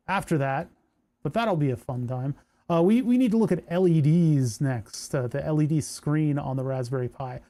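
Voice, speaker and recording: A man's voice: a little high, mellow. A man streaming his electronics build, chatting casually and muttering to himself as he works. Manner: muttering to himself while working. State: hand cramps. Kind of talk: casual workbench chat.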